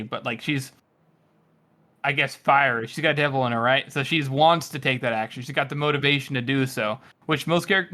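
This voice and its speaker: A man co-hosting a book podcast, rambling animatedly with many restarts. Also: mid-range voice. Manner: animated, rambling, trails off mid-thought. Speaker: podcast co-host. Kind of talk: casual book discussion.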